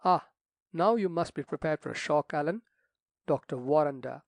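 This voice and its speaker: A man's voice: on the high side, normal speed, gravelly, no echo. A man voicing a fussy, flustered elderly country rector who exclaims and frets.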